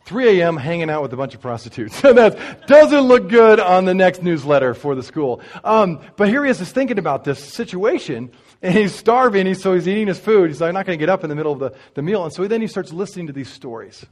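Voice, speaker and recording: A man preaching, telling a story and speaking straight to the congregation in an animated way. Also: sits high, fairly quick. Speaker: pastor. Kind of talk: sermon storytelling.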